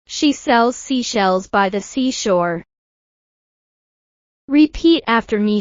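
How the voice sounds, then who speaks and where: A woman teaching English pronunciation in a scripted lesson, slowly and carefully modelling words for learners to repeat. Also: a little high, expressive, no room sound, muffled recording.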